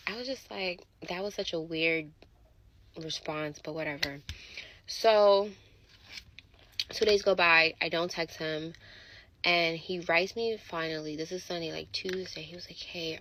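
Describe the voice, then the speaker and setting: A woman telling a dating story in casual, animated chat. She curses and acts out what people said. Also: low voice, a little slow, creaky, background noise. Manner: animated, swearing, acts out quotes.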